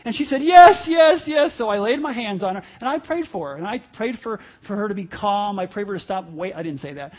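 A man preaching a sermon as pastor, telling a personal story in a halting way, dropping to quiet asides and rising to loud emphasis. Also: high voice, expressive, dull audio. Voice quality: halting, self-interrupting delivery with laughs.

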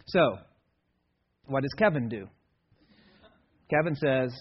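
A man's voice: fairly high pitch, moderate pace. A man giving a conversational sermon as guest preacher, telling stories in a dry, self-deprecating way. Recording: dull lo-fi sermon recording.

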